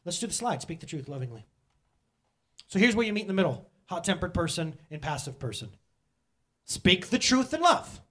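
A man's voice: fairly high pitch, animated, fast, breathy edge. A middle-aged man preaching a casual, conversational sermon, joking and talking straight to the congregation. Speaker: pastor.

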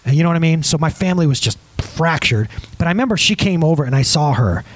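A man's voice: fairly high pitch, animated, fast, a little hiss or hum, low-quality recording. A man in his thirties preaching a conversational sermon, laughing at his own asides.

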